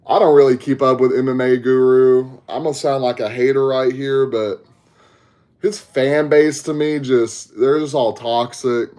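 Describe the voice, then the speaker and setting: A man's voice: mid-range voice, steady tone, unhurried, darkish tone. Laid-back Southern man chatting on stream. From Texas. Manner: laid-back, slangy, talks to chat. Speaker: podcast host. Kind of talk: casual livestream chat. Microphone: headset.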